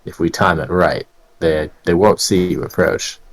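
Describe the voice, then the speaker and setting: Low voiced guy at a tabletop game, chill, planning the next move. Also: unhurried. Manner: relaxed planning talk, laughs often. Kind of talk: casual game talk.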